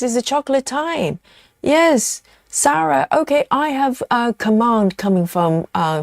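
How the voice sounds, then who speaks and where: A woman hosts a relaxed live stream, chatting away and reading out her viewers' comments. Her voice has a gravelly edge of fry. The sound is close and dry, with no room echo. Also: fairly high pitch. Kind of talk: casual live-stream chat.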